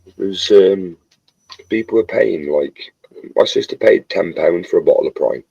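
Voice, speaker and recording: Low, gravelly, husky man from England, casual jokey chatter, dull lo-fi recording. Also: normal speed, dark tone, no room sound. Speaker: co-host. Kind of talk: casual chat. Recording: dull, lo-fi sound.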